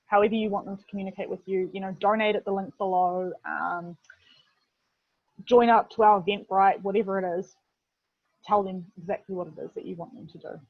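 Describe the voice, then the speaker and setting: A woman's voice: mid-range voice, no echo. A woman with a New Zealand accent giving a casual, chatty webinar lesson, full of fillers and the word "literally". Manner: chatty, filler-heavy, keeps saying "literally". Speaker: webinar presenter, video production head. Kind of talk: casual instructional webinar talk. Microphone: video call. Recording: dull, dry lo-fi video-call audio.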